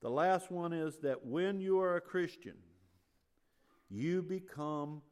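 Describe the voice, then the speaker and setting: Animated middle-aged male preacher. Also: a little high, slow pace, clear, resonant tone. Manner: animated, rising loud on emphasis, restarts and fillers. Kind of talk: sermon.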